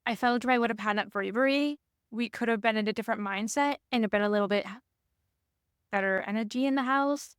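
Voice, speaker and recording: A woman's voice: on the high side, fairly quick, clear, resonant tone, dry recording, studio quality. A woman hosting a podcast, talking in a loose, rambling way with many restarts. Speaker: podcast host. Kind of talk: casual conversation.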